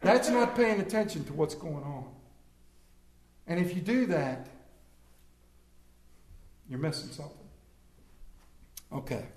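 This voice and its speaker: Male preacher, high voice, lively storytelling sermon in a roomy hall. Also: takes it slowly, long pauses, slight background noise. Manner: animated, acts out bible characters, addresses congregation by name.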